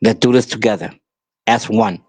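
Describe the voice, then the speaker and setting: A man's voice: fairly low pitch, moderate pace, darkish tone, breathy edge, dry recording. A man hosting a podcast, delivering an angry, emphatic monologue that pleads with listeners and repeats itself. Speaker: podcast host. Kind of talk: impassioned monologue.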